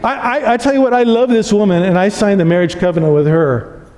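A pastor preaching a sermon, telling stories earnestly and building to emphatic peaks. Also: male voice, high-pitched, expressive, quick pace, warm tone. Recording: long reverb of a large hall.

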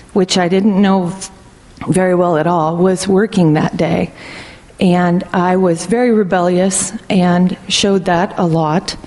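A middle-aged woman sharing a personal faith testimony in an earnest, reflective way, speaking slowly and deliberately. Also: lowish voice, a little mellow. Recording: long hall reverb.

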